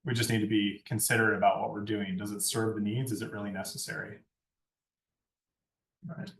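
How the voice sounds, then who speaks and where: Far from the mic in an echoey room, a lighting design instructor gives his classroom lecture a little fast. His lowish voice stays level, and he talks conversationally, asking "right?" again and again.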